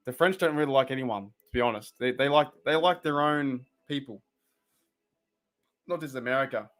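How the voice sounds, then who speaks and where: A man's voice: mid-range voice, moderate pace. Chatty Australian man streaming a game. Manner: laid-back, chatty, laughs often, reacts loudly to plays. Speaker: watch party streamer. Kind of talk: casual live-stream chat.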